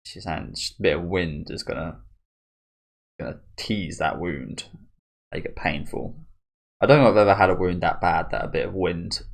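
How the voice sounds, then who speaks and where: A man with a deep voice and a gravelly fry at the ends of his phrases talks through a manga in a relaxed, chatty way. He muses aloud, circles back to restart his sentences and chuckles as he goes. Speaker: manga reaction host. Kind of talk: casual commentary while reading a manga.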